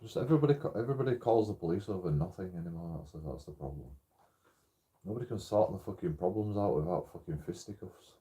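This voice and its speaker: A British man with a fairly low voice rambles through stories in a casual streaming chat. His tone is mellow and relaxed, and he swears freely and laughs often. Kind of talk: casual storytelling while gaming.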